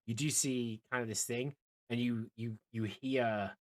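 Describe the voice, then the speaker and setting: A man's voice: medium pitch, fairly even intonation, measured pace. A man narrating a tabletop game as dungeon master, hesitant and full of fillers.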